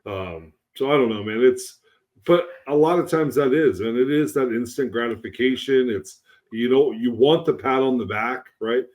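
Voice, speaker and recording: A man's voice: medium pitch, normal speed, a little mellow. A man co-hosting a podcast, in a laid-back casual chat that often tags on "right?". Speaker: podcast co-host.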